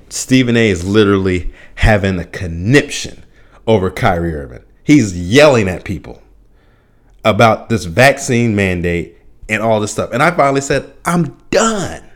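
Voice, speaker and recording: Animated, low-voiced man ranting on a podcast. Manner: animated, profane ranting with frequent restarts and laughs. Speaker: podcast host.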